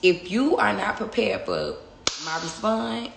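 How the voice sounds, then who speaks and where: A woman's voice: lowish voice, normal speed, vocal fry, echoey room, background noise. A young woman livestreaming from her phone, talking bluntly and with plenty of swearing in a casual, confrontational chat. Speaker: livestream host.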